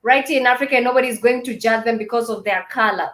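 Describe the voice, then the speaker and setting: A woman's voice: a little high, quick pace, fairly bright tone, roomy sound. A woman hosting a casual chat and mostly agreeing in short replies. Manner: agreeable, brief affirmations. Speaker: host.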